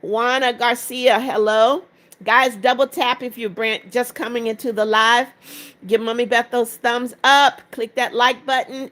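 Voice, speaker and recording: A woman's voice: a little high, fairly bright tone. A woman in her seventies hosting a live stream, tired after hours of talking, reading each viewer comment aloud and answering it briefly. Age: 70s. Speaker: livestream host.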